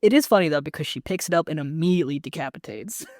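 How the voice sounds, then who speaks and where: A podcast co-host chatting casually, sarcastic, acting out scenes from a show in quick voices. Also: medium pitch, animated, a little mellow, no room sound, clean studio sound. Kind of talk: casual chat.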